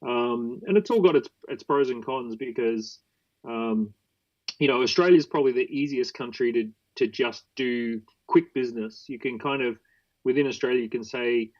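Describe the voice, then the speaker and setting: Guy guest on a podcast, chatty and animated, mid pitch, dull lo-fi sound. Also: normal speed. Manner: animated anecdotes with acted-out quotes. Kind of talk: storytelling interview talk.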